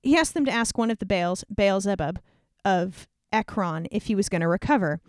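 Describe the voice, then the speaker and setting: A woman's voice: medium pitch, moderate pace, no room sound, clean studio sound. A woman casually retelling an old scripture story in a slangy, irreverent way, peppered with "like". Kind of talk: casual comedic Bible retelling.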